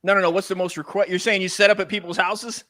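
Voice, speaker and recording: A man's voice: high voice, level tone, fast, pushed and bright, dry recording, clean studio sound. A man co-hosting a podcast in a casual, slangy chat, laughing often as he talks. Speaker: podcast co-host.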